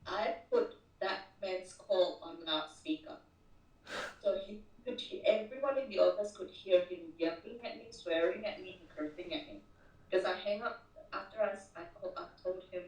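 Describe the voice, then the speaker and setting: A woman of medium pitch and darkish tone, talking at a moderate pace, is an interview guest telling a work story casually. She often repeats words at the beginning of sentences, and the recording has roomy echo from a distant mic.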